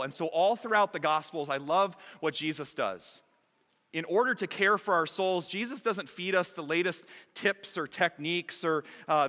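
Bright-voiced man preaching in an echoey hall. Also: a little high. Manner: animated storytelling, shifting from lively to hushed. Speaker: pastor. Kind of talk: sermon.

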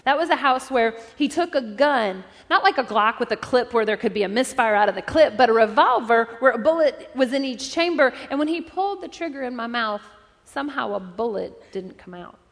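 Female pastor with a high voice, testimony-driven sermon with impassioned delivery, captured in a big reverberant hall. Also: expressive, fairly quick, vocal fry. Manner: personal testimony building to impassioned preaching.

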